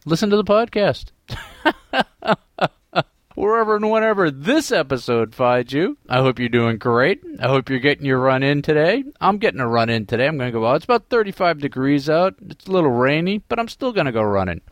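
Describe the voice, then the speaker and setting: A man's voice: a little high, expressive, a little fast, no echo. A man with a Boston accent hosting a running podcast, jokey and upbeat in his intro. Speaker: podcast host.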